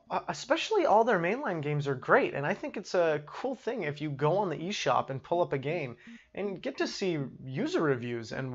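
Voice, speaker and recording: A man hosting a gaming show in casual livestream commentary. He sounds opinionated and frank and often repeats words as he restarts his sentences. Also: a little high.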